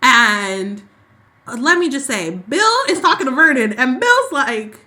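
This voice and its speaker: A woman co-hosting a podcast, casually recapping a soap opera and acting out the characters' lines in quick, sassy asides. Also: high voice. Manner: animated storyteller who acts out characters' lines. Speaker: podcast co-host.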